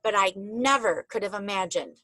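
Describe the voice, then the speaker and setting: A woman's voice: mid-range voice, normal speed, sharp tone, dry recording, low-quality recording. A woman hosting a casual video call, chatty and openly emotional with her guests. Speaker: host.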